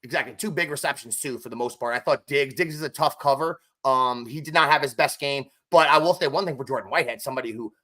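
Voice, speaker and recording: A man's voice: medium pitch, fast, hardly any pauses, pushed and bright. A man co-hosting a casual sports podcast, talking animatedly and often turning to his co-host by name.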